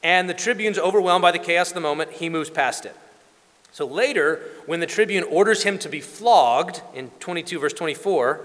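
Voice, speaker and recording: Man, preacher, lively sermon storytelling, slightly high voice, long hall reverb. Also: normal speed. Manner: animated storytelling, acts out quoted voices.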